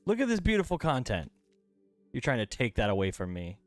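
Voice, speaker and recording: A man's voice: medium pitch, wildly swooping pitch, a little fast, faint music behind. A man streaming a video game from home, chatting casually in a playful, rambling way. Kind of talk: casual gameplay stream chat. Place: home room.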